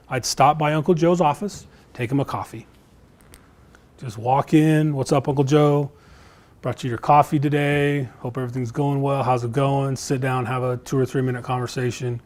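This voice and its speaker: A man's voice: medium pitch, a little mellow. A middle-aged man giving a live real estate sales training to a class, telling candid stories and repeating himself as he talks. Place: classroom before a live audience.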